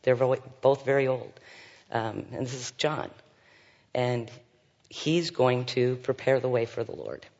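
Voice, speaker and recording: A man's voice: medium pitch, fairly even intonation, unhurried, gravelly, darkish tone. A man leading a Bible study, reading scripture aloud and commenting with frequent fillers and asides. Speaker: Bible teacher. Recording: dull sound with long hall reverb.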